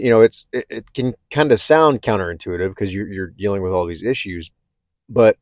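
A man talking candidly and haltingly about his own struggles, with many restarts. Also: sits low, a little mellow, dry recording, clean studio sound. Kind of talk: personal reflective talk.

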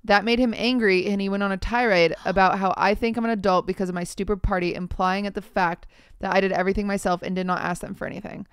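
A young woman hosting a podcast, chatting casually and reading online posts aloud in a measured, wry tone. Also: mid-range voice, steady tone, clear, resonant tone, no echo, clean studio sound. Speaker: podcast host.

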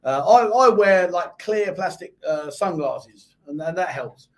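A man with a London accent hosts a casual live-stream chat show. His voice sits high, and he reads out viewer comments before answering each one in a chatty, off-the-cuff way. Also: lively intonation, unhurried. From England. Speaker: host.

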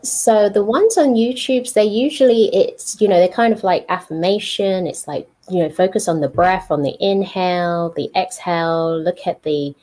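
A woman who is a podcast guest, explaining in a relaxed, thoughtful, gentle way. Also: lowish voice, moderate pace, few pauses, low-quality recording. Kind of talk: casual interview chat.

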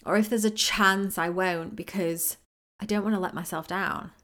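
A woman's voice: medium pitch, fairly even intonation, normal speed, fairly bright tone. Chatty woman hosting a podcast. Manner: chatty, rambling, self-mocking, with laughs. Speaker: podcast host. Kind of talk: casual solo podcast talk on manifesting.

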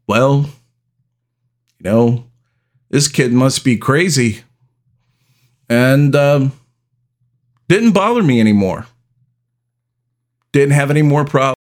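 A middle-aged man hosting a podcast, telling a personal story in a slow, deliberate way with long pauses. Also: mid-range voice. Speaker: podcast host.

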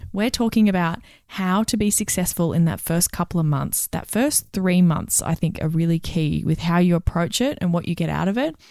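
A woman's voice: on the low side, normal speed, hardly any pauses, mellow, no echo, clean studio sound. A woman, a career coach co-hosting a podcast, giving direct advice in casual chat. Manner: direct, advising, explains points in steps.

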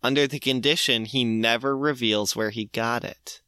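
Bright, crisp-voiced man recapping a comic. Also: mid-range voice, normal speed, no room sound, clean studio sound. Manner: animated storytelling, laughing and swearing. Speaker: podcast co-host. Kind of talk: casual comedic recap chat.

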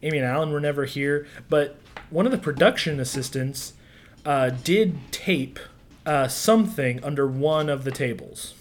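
Halting tabletop game master. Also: mid-range voice, a little hiss or hum. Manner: halting, many fillers and restarts.

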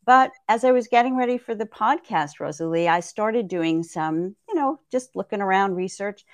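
A woman's voice: mid-range voice, animated, normal speed, no room sound, clean studio sound. A woman herbalist guest on a podcast, explaining things thoughtfully and often checking in with "right?". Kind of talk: conversational podcast interview.

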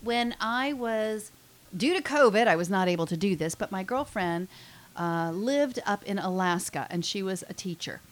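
A woman's voice: medium pitch, expressive, normal speed. Chatty woman co-hosting in a radio studio. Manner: chatty, laughs often, digresses. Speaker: co-host. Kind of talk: casual chat.

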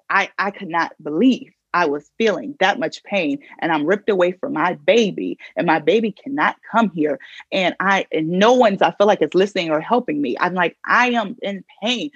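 Gravelly-voiced woman telling her story. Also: lowish voice, moderate pace, no echo. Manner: animated, vivid retelling with acted-out quotes. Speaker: podcast guest. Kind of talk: emotional personal storytelling. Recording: slightly dull lo-fi recording.

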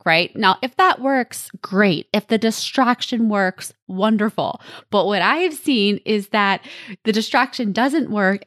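A woman hosting a parenting podcast speaks in an earnest, direct coaching manner. Her voice sits at a middle pitch, and the dry close-miked sound has no room echo around it. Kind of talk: advice monologue.

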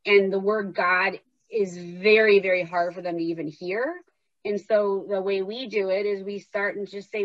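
A woman's voice: mid-range voice, fairly even intonation, normal speed, dry recording. Woman host chatting away, acts out her inner voices, dry close sound, a bit muffled. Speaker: podcast host. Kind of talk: casual conversation.

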